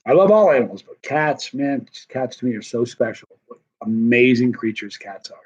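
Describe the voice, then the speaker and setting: A man's voice: mid-range voice, animated, normal speed, slightly rough. Tired, rambling man on a dull stream. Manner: rambling, chatty, self-deprecating. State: tired and wired. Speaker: vlogger answering live chat. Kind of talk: casual live-stream chat.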